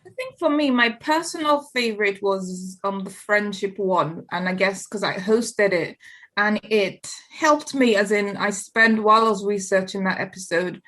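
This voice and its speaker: Woman, podcast co-host, chatty, teasing, mid pitch. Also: moderate pace, fairly bright tone. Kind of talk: casual group chat.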